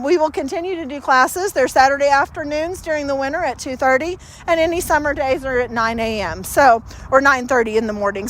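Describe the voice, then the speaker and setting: A woman's voice: high voice, a little hiss or hum. A woman dog trainer giving a casual training demonstration, chatting with many fillers and breaking off for short, upbeat praise to the dog.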